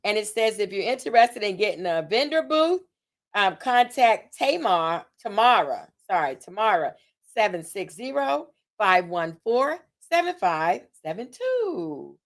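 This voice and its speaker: A woman's voice: medium pitch, big pitch swings, unhurried. Chatty woman hyping a dance event. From Tampa, Florida. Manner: chatty, hypes the audience with call-and-response; reads out details with fillers and self-corrections. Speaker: host and event organizer. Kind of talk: casual livestream announcements.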